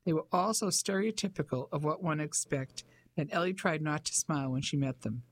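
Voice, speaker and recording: An audiobook narrator reading a novel in an even, measured storytelling manner. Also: mid-range voice. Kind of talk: scripted narration.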